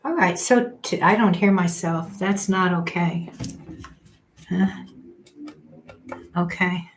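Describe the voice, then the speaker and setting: Older woman, astrologer, unhurried, low-ish voice, chatty livestream talk, thinks aloud. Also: fairly even intonation, a little hiss or hum. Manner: chatty, thinks aloud, self-deprecating about tech. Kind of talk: casual livestream chat.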